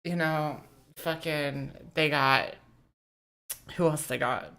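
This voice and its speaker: A woman's voice: deep voice, slow pace, creaky, fairly bright tone. A woman from the United States co-hosting a podcast in casual, profane, joking chat. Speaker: podcast co-host.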